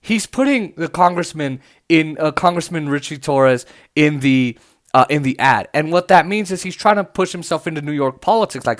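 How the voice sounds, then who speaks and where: A man's voice: on the high side, animated, fairly quick, a bit bright. A man hosting a podcast, giving casual political commentary in a loose, chatty way with many fillers and restarts. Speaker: podcast host.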